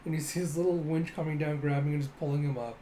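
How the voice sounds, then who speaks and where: Animated manga readthrough host. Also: mid-range voice, fast talker. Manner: animated, laughs often, mimics sound effects. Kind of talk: casual comic readthrough.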